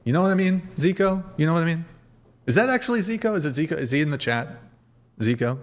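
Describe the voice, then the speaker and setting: A man's voice: a little high, animated, fast. A man hosting a podcast livestream, chatting casually, rambling and swearing as he talks straight to his viewers. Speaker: podcast host.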